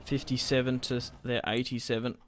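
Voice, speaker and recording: A man's voice: medium pitch, level tone, a little fast, soft background music. A man giving casual, thinking-aloud commentary on a strategy game he is playing, and swearing when things go wrong. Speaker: gaming channel host.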